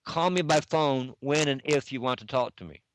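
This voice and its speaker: A man's voice: mid-range voice, normal speed, dry recording, poor audio. Middle-aged man retelling a chat, dry. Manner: repetitive, reads back messages with constant "I said". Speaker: online game player recounting a dispute. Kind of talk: casual spoken retelling of a chat.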